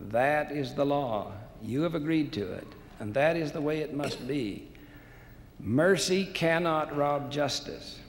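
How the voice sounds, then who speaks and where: A man's voice: on the high side, expressive, a little slow. A man reading as a stern unbending creditor. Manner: firm, unyielding. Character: stern male creditor demanding justice. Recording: long hall reverb, faint noise.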